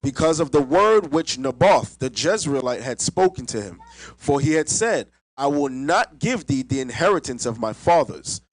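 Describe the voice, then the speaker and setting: A man reading Bible verses aloud in a steady, formal way. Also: medium pitch, moderate pace, no room sound, low-quality recording. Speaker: scripture reader.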